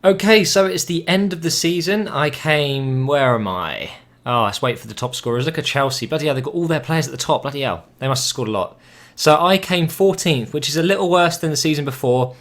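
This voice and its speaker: A young man commentating on his own football video game match, casual and chatty, with swearing and sudden excited outbursts. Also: on the high side, fairly quick, faint music behind. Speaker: gaming commentator.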